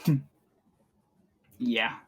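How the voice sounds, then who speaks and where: A man's voice: extremely slow, fairly bright tone. A man co-hosting a podcast, talking casually over a video call and often stopping to correct himself. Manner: chatty, self-correcting, laughs often. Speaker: podcast co-host. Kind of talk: casual commentary chat.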